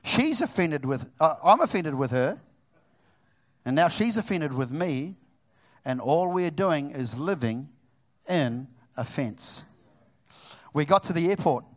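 A middle-aged man from New Zealand preaching, telling a personal story with animated delivery and acting out both sides of the dialogue. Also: on the high side, slow pace, long pauses.

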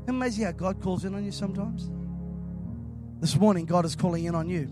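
A man delivers a passionate sermon in a church. His voice sits fairly high, and he builds to loud, emphatic appeals. Soft music plays faintly behind him. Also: fast. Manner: impassioned, rising to loud emphatic calls. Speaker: preacher.

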